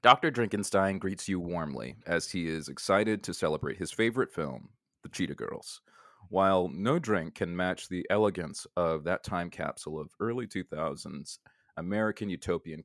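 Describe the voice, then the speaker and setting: Suave grandiloquent gentleman, silky and slow, very deep, dry, read by a male podcast host. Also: animated, creaky, no room sound. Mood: pompous. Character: suave, pompous male letter writer, smooth and silky.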